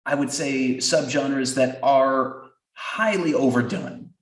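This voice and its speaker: A podcast co-host with a mid-pitched man's voice, wry and blunt in casual talk. His voice carries a roomy echo. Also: takes it slowly.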